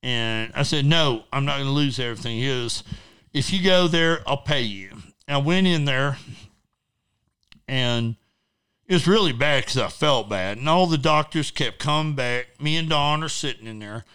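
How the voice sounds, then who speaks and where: A middle-aged man with a forceful, bright voice that comes through clean and resonant. He talks bluntly and swears freely. His story rambles along with plenty of fillers. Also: medium pitch, expressive, normal speed, smooth. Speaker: interview guest. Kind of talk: casual storytelling.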